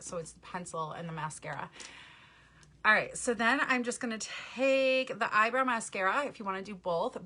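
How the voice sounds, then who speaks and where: A makeup vlogger and mother hosts a live tutorial in a sharp-toned, medium-pitched voice. She chats casually, laughs a lot, and greets viewers by name.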